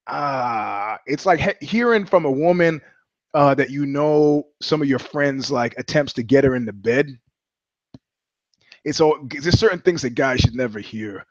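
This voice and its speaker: A man's voice: medium pitch, lively intonation, unhurried, no echo, dull audio. A man hosting a podcast, ranting about fights in a profane, rambling way and acting out quoted conversations. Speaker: podcast host. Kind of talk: casual rant.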